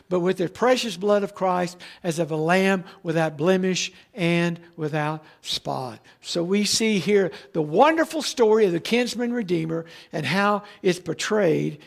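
A man's voice: high voice, gravelly. A man preaching a sermon, reading Bible verses aloud and talking to his church. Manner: preaching with Bible readings, restarts, asides to the tech team. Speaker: pastor.

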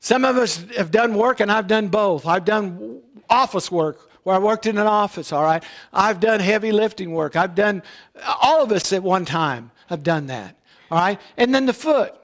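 High-voiced preacher with folksy check-ins. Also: male voice, animated, normal speed, fairly bright tone. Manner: conversational preaching with frequent "all right?" check-ins. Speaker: pastor. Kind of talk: sermon. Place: church.

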